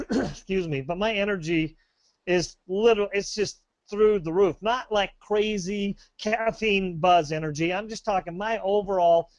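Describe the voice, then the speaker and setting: Upbeat high-voiced man pitching a webinar. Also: a little slow, no echo, highs cut off. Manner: upbeat, rambling, many fillers and restarts. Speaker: webinar presenter.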